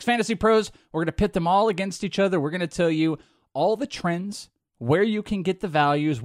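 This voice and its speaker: Excitable, loud-swinging male podcast host. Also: fairly high pitch, no echo, clean studio sound. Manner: loud, excitable, jokey, swings into goofy voices. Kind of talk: energetic podcast banter and ad read.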